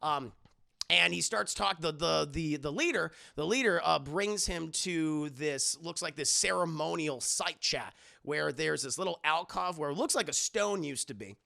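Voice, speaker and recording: A man's voice: a little high, animated, a little slow, vocal fry, sharp tone. A man casually recapping a movie on a livestream, rambling and profane, often talking to his chat and acting out characters' lines. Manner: acts out characters' lines as he retells scenes.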